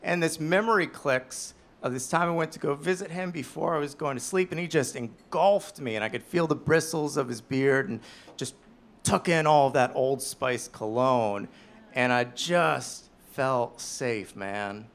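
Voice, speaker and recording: A man in his thirties telling a self-deprecating story on stage, animated and swinging between loud and hushed. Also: mid-range voice, measured pace. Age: 30s. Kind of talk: live storytelling performance.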